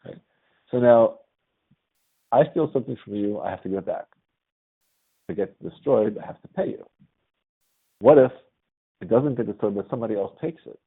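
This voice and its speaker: A man's voice: fairly low pitch, a little fast, creaky, long pauses, breathy edge. A man teaching a religious class in a conversational lecture style, often checking with his students by asking "right?". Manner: quizzes the class with frequent "right?". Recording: tinny phone-like audio.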